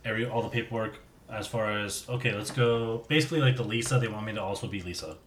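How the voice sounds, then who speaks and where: A man in casual chat who talks about his job in halting, profane bursts. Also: lowish voice, fairly bright tone, slight background noise. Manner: halting, profane, with many fillers. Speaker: tool manager for his work shift. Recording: echoey room, mic at a distance.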